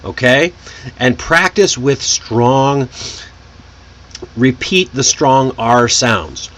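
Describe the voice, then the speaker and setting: A man gives a relaxed pronunciation lesson at an unhurried pace, with a middle-pitched voice. He stretches out sounds and repeats practice words one by one, like a patient tutor. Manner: slow, demonstrative, repeats example words. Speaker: English pronunciation teacher. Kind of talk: casual spoken lesson. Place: in Korea.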